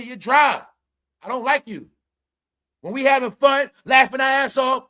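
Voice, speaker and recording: Male vlog host, sharp and bright tone, profane ranting commentary aimed at the audience. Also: high voice. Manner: profane, scolding, talks straight at the audience; big swings between loud and muttered. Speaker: celebrity gossip commentator.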